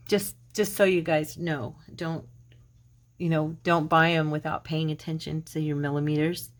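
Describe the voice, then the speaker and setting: A middle-aged woman with a low, gravelly voice chats through a crafting tutorial. She talks to her viewers and mutters to herself as she works. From Arizona. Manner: chatty, talks to herself while working. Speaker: craft channel host. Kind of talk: casual crafting tutorial chat.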